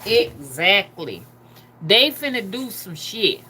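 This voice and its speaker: A woman's voice: fairly high pitch, expressive, measured pace, sharp tone. Chatty woman on a livestream. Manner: chatty, reads viewer comments aloud, loose and talkative. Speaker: livestream host. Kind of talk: casual livestream chat.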